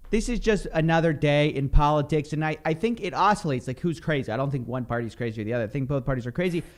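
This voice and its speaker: A man's voice: fairly high pitch, quick pace. A man co-hosting a casual podcast, joking and mimicking the people he discusses. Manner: animated, mimics people he mocks. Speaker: podcast co-host.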